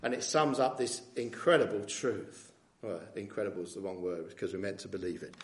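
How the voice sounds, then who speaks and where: A man's voice: on the low side, lively intonation, a little fast. A man preaching a sermon in a conversational way, often asking tag questions of his listeners. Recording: echoey room.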